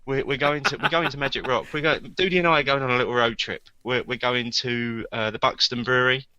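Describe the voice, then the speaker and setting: A man's voice: medium pitch, steady tone, brisk, pushed and bright, dry recording. A man co-hosting a casual podcast chat, talking hesitantly with many ums and repeated words. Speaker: podcast co-host.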